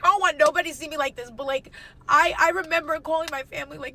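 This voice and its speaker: A woman's voice: sits high, steady tone, bright, forceful tone, slight background noise. A young woman telling a personal story in a casual storytime, raw and emotional, swearing heavily and repeating herself. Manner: fast, repeating phrases, slangy.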